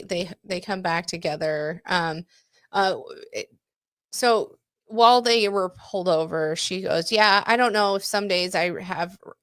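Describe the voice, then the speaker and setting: A woman's voice: mid-range voice, fairly bright tone, dry recording, clean studio sound. A woman in her forties co-hosting a podcast, chatting candidly, swearing freely and laughing often. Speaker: podcast co-host. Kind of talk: casual chat.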